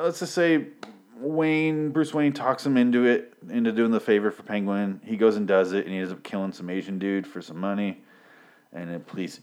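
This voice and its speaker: A young man with a fairly low voice, talking through a casual recap of a show. He is sarcastic and profane and rambles with frequent ums and uhs. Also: a little mellow. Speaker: TV episode recapper.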